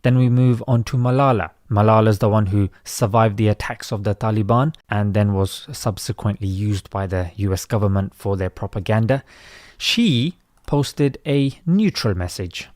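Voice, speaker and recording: A man's voice: lowish voice, moderate pace, darkish tone, dry recording, clean studio sound. A man commenting on social media posts in a conversational, opinionated way.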